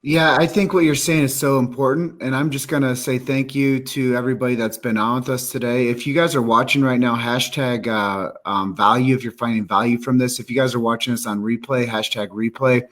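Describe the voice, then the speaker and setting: A man's voice: mid-range voice, steady tone, a little fast, hardly any pauses, a bit bright. A man hosting a live stream, speaking earnestly and upbeat, addressing viewers directly. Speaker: live show host. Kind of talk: casual live-stream chat.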